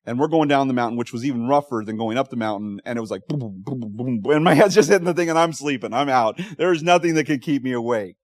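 A man preaching to his congregation in a dry, close recording. He tells stories with energy, laughing as he goes and acting out what people said. His pitch sits in the middle of the male range. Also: fast, few pauses, no room sound. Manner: animated storytelling, laughs often, acts out quotes. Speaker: pastor. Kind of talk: sermon.

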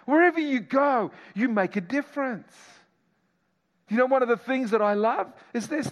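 A middle-aged male pastor preaching a sermon, moving between loud exhortation and quiet reflection. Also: a little high, in a large hall, dull audio.

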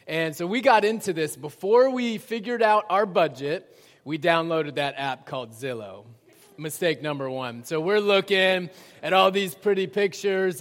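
A man in his thirties preaching a sermon through a personal story. His voice sits a little high and moves from lively to hushed. The sound rings with long reverb from a large hall. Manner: conversational, swings between animated and hushed. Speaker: pastor.

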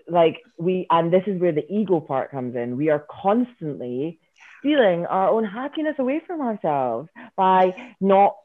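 A Scottish woman, a yoga teacher guest, chatting casually with many fillers and frequent laughs. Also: sits low. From Scotland. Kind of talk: casual podcast chat. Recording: tinny phone-like line.

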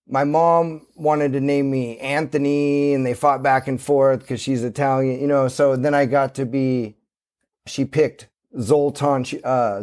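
In a casual interview, a Santa Cruz, California skateboarder tells loose, rambling stories with plenty of fillers, easygoing throughout. His voice is medium-pitched and a little mellow.

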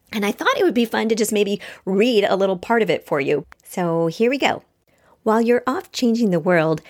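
A woman hosting her own podcast, speaking straight to listeners in an upbeat, encouraging way and reading aloud from her book. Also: fairly low pitch. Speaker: podcast host.

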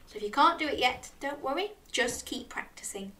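A woman reads a picture book aloud and chats warmly to young children between pages. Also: sits high, brisk, recorded from a distance. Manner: lively, animated, talks directly to young listeners. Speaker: children's storyteller.

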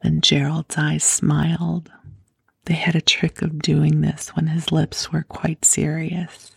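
A woman reading a classic children's story aloud in a soft, unhurried whisper. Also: sits low, completely flat delivery, vocal fry, slightly rough, no echo, clean studio sound.

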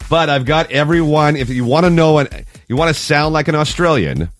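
Um homem fazendo rádio matinal com uma entonação bem viva e solta, em papo descontraído de estúdio. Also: male voice, fairly high pitch, lively intonation, fairly quick. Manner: playful, laughs often. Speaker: radio morning show co-host. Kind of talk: casual radio banter.

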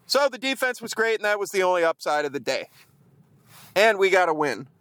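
A man's voice: high voice, very animated, brisk, fairly bright tone, clear, resonant tone, no echo. A man giving a profane, grumbling post-game rant as a fan vlogger. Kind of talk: ranting post-game chat. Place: outdoors in the cold.

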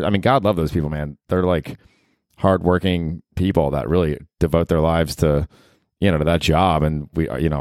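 A podcast host with a low voice and darkish tone delivers a loose, rambling comedic monologue, swearing freely and putting on mocking voices for the people he quotes. The recording is dry and studio-clean.

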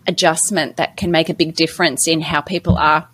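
A woman's voice: low voice, steady tone, fairly quick, fairly bright tone, slightly rough. An Australian woman co-hosting a casual podcast, explaining points in a playful way. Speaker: podcast co-host. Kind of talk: casual chat.

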